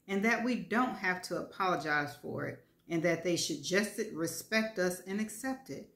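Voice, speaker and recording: A woman's voice: lowish voice, fairly bright tone. A woman reading a first-person story aloud in a frank, wry manner. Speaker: host and reader. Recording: roomy echo.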